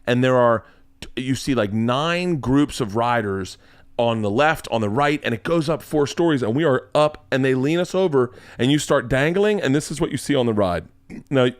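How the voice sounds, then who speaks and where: A comedian in his forties telling a rambling story in a casual, excitable, profane way. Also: medium pitch, a little fast, no room sound.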